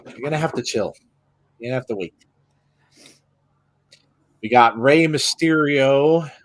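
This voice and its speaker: A young man hosting a live watch-along, talking casually and rambling, with stammered restarts as he gives his commentary. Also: on the low side.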